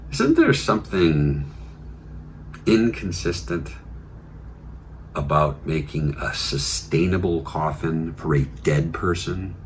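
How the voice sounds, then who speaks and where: Slow, deep-voiced man hosting comic news. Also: slight background noise. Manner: sardonic, puts on silly voices. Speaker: podcast host. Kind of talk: comedic news commentary.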